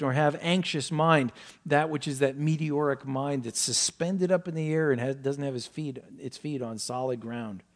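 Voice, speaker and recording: Earnest preaching man, slightly high voice. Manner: earnest, rising and falling emphasis, self-correcting. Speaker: pastor. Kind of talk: sermon.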